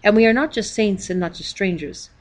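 A woman reading a diary-style children's book aloud, calling out the page numbers as she goes. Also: medium pitch. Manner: reads page numbers aloud, measured storytelling. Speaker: reader.

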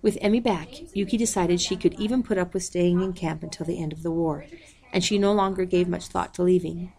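A woman reads a storybook aloud in a low, dark voice with a gravelly edge. Her delivery is measured and unhurried, and she calls out page numbers along the way. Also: fairly even intonation. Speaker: audiobook reader.

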